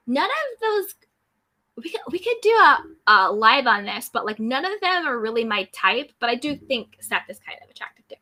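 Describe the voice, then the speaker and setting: A woman with a high, sharp-toned voice hosts a casual live chat as a YouTube recap host, reading viewer comments aloud and responding to them.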